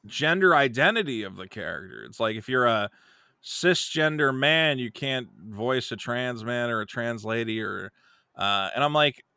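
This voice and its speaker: Lively bright-voiced comedian. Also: male voice, medium pitch, moderate pace, vocal fry, smooth, no echo, clean studio sound. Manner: animated, jumps into quoted voices. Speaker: comedian and YouTuber, guest. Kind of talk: casual interview chat.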